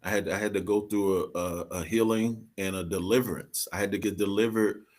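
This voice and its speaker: A man's somewhat low, steady, slightly mellow voice moves along fairly quickly as he talks as a podcast guest. He opens up earnestly about his story with relaxed slang.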